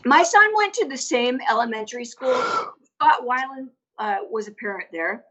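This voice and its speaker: A woman's voice: a little high, lively intonation, normal speed, bright, forceful tone. A woman as a podcast guest, telling stories in a chatty way with lots of "like" and restarts. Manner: chatty, storytelling with many fillers. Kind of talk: casual interview chat. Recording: dull lo-fi audio.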